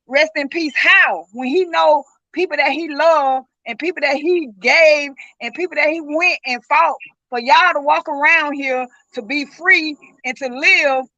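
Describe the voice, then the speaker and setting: A middle-aged woman recounts the night her son died, earnest and vivid, acting out what each person said. Her voice sits high and bright. The sound is dry and dull, like lo-fi call audio. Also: dry recording. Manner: earnest, speaks in vivid retold dialogue. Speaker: guest, grieving mother. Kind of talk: emotional personal account.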